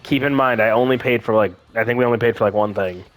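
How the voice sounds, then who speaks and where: In a casual chat, a young man co-hosting a gaming session recounts an anecdote, performing the quoted lines with animation. He talks fast at a medium pitch.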